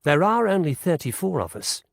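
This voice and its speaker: A courteous school organizer. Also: male voice, on the high side, very animated, moderate pace, gravelly, no room sound, heavily acted. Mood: polite. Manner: courteous, formal. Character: polite male school organizer booking a coach. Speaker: school staff member booking a coach. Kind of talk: scripted exam dialogue. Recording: dry studio recording.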